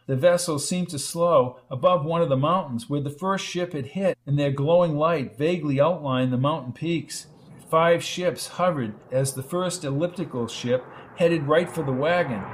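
A male audiobook narrator reads a dramatic science fiction story in a measured, steady way. His voice sits somewhat higher than usual for a man. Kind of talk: scripted narration.

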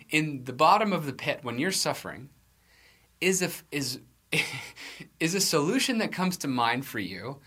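A male pastor giving a sermon in a loose, conversational way, stumbling over restarts and laughing lightly at himself. His voice is bright and forward, and his pitch swings widely as he speaks. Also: slightly rough.

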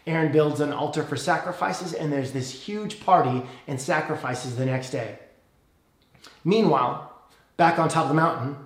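A man with a fairly high voice gives a sermon, retelling the story casually and checking in with the congregation as he goes. His voice rings around an echoey room. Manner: conversational, asks the congregation "okay?" often. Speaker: preacher.

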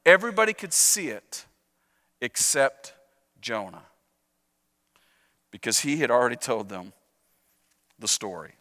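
In a church sanctuary with a reverberant sound, a male pastor preaches a sermon in a conversational, self-deprecating storytelling style and urges the congregation to repeat phrases after him. His mid-range voice is very animated, bright and forceful, with a measured pace and long pauses.

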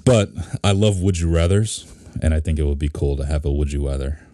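A man's voice: a bass voice, a little fast, dark tone, no echo, studio quality. A man co-hosting a podcast, chatting casually in a rambling, talkative way. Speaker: podcast co-host. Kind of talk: casual chat.

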